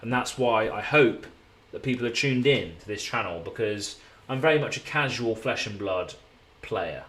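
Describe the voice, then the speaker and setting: An English man with a low voice chats to his live-stream audience from a hotel room. He rambles in a relaxed, easygoing way and drops the occasional swear word. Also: moderate pace. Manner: rambling, laid-back, swears casually. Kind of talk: casual live-stream chat.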